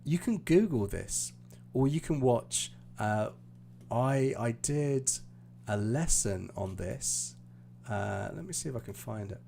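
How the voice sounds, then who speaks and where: Casting: British male English tutor, unhurried, low warm voice, on a live stream. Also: animated, vocal fry, slight background noise. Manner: explaining patiently, hesitant fillers. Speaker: IELTS teacher.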